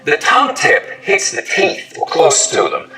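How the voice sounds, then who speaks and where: Guy explaining accents like a teacher, bright sharp tone, sounds a bit far from the mic. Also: a little high, wildly swooping pitch, a little slow, soft background music. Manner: clear, didactic, demonstrates sounds. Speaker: accent coach. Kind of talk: scripted explainer narration.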